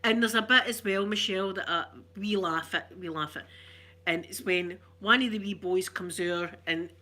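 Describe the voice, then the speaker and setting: Glasgow lady rambling on casual, bright voice, laughs a lot, soft little asides. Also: medium pitch, moderate pace. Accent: Glaswegian Scottish. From Glasgow, Scotland. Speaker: ASMR vlogger. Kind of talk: casual chat.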